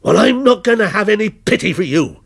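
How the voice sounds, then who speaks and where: A man voicing a menacing male visitor, a criminal former policeman, in a taunting, slow and deliberate way, in a dramatic story reading. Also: sits high, animated, gravelly, fairly bright tone, breathy edge, voice pushed up, full character voice.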